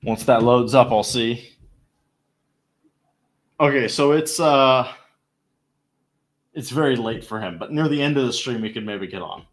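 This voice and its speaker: A man's voice: mid-range voice, measured pace, long pauses. A young man hosting a livestream in rambling, chatty talk, laughing easily. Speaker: livestream host. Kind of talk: casual livestream chat.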